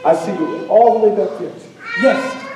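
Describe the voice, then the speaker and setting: A man storyteller telling a tale live to an audience in a school auditorium, animated and playful, drawing the crowd in with call and response. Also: sits high, moderate pace, over loud music. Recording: very echoey hall from far off.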